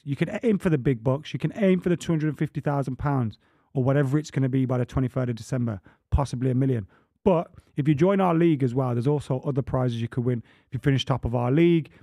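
A man's voice: mid-range voice, warm tone, no room sound. A man co-hosting a football live stream, teasing and swearing in casual banter. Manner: teasing, sweary, quick quips.

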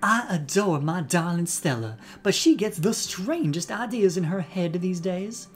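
A man voicing a doting older Southern woman in a put-on Southern US accent, slow and genteel. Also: sits high, lively intonation, faint music behind, pitched above the performer's own voice. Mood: fond.

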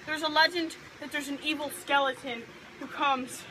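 A very high woman's voice plays a nervous role in a homemade horror skit, her lines urgent and jumpy. She is recorded outdoors at night, with clear background noise. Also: fairly even intonation, normal speed. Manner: nervous, tells scary legends, urgent. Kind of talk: amateur horror skit acting. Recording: noisy outdoor home recording.

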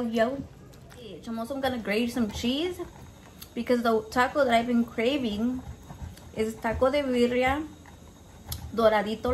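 In a fairly high voice and over slight background noise, a home cook vlogger of Mexican heritage keeps up casual chat as she cooks. She's animated and curses freely, mixing Spanish words into her English.

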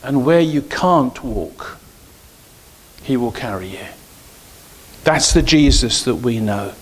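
A middle-aged male pastor preaching in church at an ordinary pitch for a man. He moves from easy anecdotes into firmer, emphatic points, pressing his key lines home. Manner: storytelling, grows emphatic and preachy. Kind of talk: sermon with personal stories.

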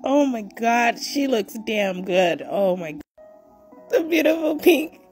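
A woman vlogs her reactions to a series episode, gushing and exclamatory, with gasps and laughter. Her voice is high and her delivery unhurried. Faint music from the show plays underneath. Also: lively intonation, darkish tone. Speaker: reaction vlogger.

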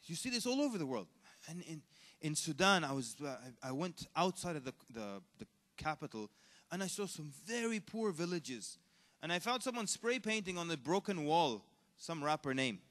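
A man preaching at a convention, telling funny stories and putting on quick mock voices. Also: on the high side. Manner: animated storyteller, jokes and mock voices, laughs. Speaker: Islamic preacher. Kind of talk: lively convention talk with acted quotes. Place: large convention hall. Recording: long hall reverb.

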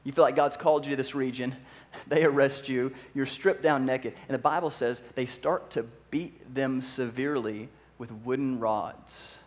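A pastor preaching a sermon in an animated way, acting out voices and asking the audience questions. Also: male voice, medium pitch.

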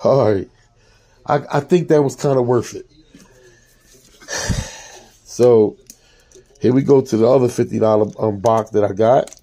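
A man casually reading out trading cards as he opens packs, talking to his viewers in a relaxed, slangy way. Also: medium pitch, a little slow, long pauses. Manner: reads out card names, casual slangy asides to viewers. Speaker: card-opening vlogger. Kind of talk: casual pack-opening commentary.

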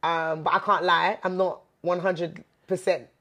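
A woman guest in a candid interview, speaking earnestly of faith and healing, turning lively and laughing when she jokes. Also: lowish voice, unhurried. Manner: earnest, animated when joking, many fillers. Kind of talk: candid faith-based chat.

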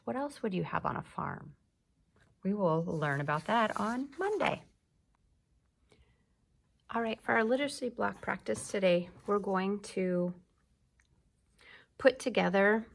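A woman's voice: medium pitch, vocal fry, breathy edge. A woman teacher giving a patient phonics lesson to young children, drawing out and sounding out words.

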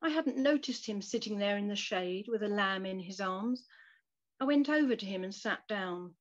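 A woman reading a devotional story and prayer aloud in a soft, measured, reflective way. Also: medium pitch, animated. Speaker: devotional reader. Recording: dull lo-fi recording.

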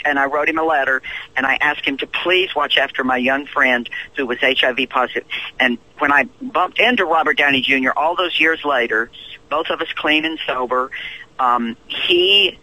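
A Southern man in his fifties from Tennessee tells stories as an interview guest, acting out the voices of people he quotes. His voice sits a little high, with a bright, forceful edge and a husky grain. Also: fairly quick, low-quality recording. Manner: acts out quoted voices with lively swoops. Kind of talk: animated storytelling in an interview.

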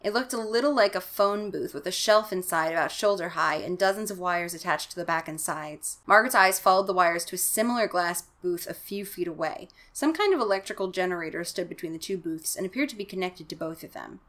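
A woman's voice: lowish voice, fairly quick, few pauses, a bit bright. A woman hosting a comedic reading of a kids' horror book, mixing narration with sarcastic asides.

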